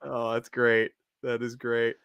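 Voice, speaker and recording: A man's voice: medium pitch, monotone, slow, a bit bright, clear, resonant tone, no room sound, lo-fi sound. A man hosting a casual podcast chat, joking and laughing often, hyping up guests. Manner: jokey, laughs a lot, announcer-style guest intros. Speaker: podcast host.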